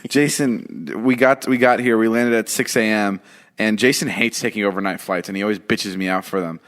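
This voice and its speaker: A man's voice: lowish voice, fairly even intonation, fairly bright tone. A young man in his twenties hosting a casual podcast, telling stories with frequent swearing and laughter. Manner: quick, profane storytelling with laughs. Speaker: podcast host. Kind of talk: casual chat.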